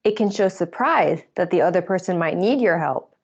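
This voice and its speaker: A woman narrating a scripted lesson in a clear, explanatory way. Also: on the low side, lively intonation, normal speed, lo-fi sound.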